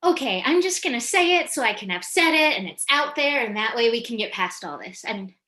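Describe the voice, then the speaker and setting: A woman's voice: a little high, lively intonation, a little fast, bright, forceful tone. A woman doing a jittery young woman rambling. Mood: nervous, rambling. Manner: nervous, rambling, full of fillers. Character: nervous young woman rambling to a new date. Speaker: comic monologue performer. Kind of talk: scripted comic monologue. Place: home. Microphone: video call.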